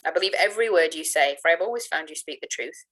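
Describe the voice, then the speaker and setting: A woman voicing an older male guardian from an old novel, grave and measured, stern but kind underneath. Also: sits low, expressive, a bit bright, rough recording.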